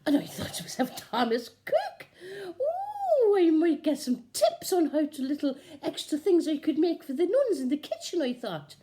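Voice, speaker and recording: A woman's voice: high voice, big pitch swings, a little slow, mellow. A woman playing a cheeky, gossiping nun in a chatty, improvised comic monologue, giggling often. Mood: giddy gossip.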